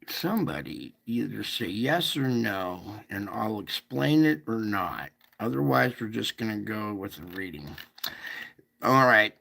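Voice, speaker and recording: A man hosts a casual livestream and explains at length. He wanders, restarts, and keeps checking in with his listeners. His voice is gravelly with a touch of fry, and he takes his time. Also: lowish voice, lively intonation, measured pace, pushed and bright. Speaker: livestream host.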